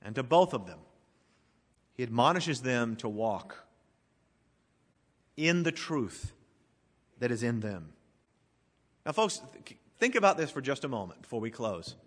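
A man preaching a sermon as pastor, emphatic, swelling loud then dropping to a hush. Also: fairly high pitch, expressive, slow, pauses often, long reverb tail.

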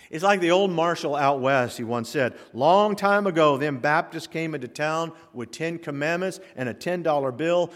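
A man preaching a sermon in a church, reading scripture aloud and commenting line by line, with sudden loud rises and quiet drops. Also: on the high side. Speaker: pastor. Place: church sanctuary. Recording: long hall reverb.

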